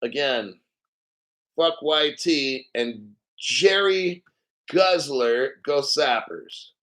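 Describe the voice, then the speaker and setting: A livestream host speaks at a medium pitch, very slowly, with a fairly bright tone. He rants in disbelief during live commentary, laughing often and swearing.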